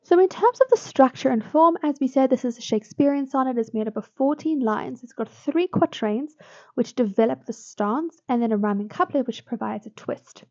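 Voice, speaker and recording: A woman's voice: high voice, lively intonation, normal speed, darkish tone. A woman tutor explaining a poem in a lesson, talking it through with fillers and small self-corrections. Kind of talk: poetry analysis lesson. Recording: dull lo-fi sound.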